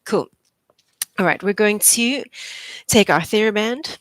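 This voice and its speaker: Speaking slowly and expressively in a mid-range voice, a young physiotherapist guides a live posture class. She keeps her instructions upbeat and conversational, laughs frequently, and the recording has no echo.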